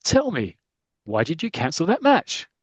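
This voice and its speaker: An excitable male football official from an old comic strip, as a man puts him on, quizzical and full of exclamations. The voice is pushed up in pitch and lively. It sounds close and dry. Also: a little slow, breathy edge, dry recording, exaggerated voice.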